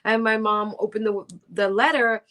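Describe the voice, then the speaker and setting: Lively middle-aged woman telling stories. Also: medium pitch, normal speed. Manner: animated, acts out quoted voices with big jumps. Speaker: guest singer. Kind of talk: casual interview storytelling.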